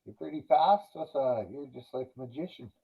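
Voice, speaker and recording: A man's voice: mid-range voice, brisk, gravelly, dark tone, husky. A man joking in a casual chat on a video call. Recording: tinny phone-like call audio.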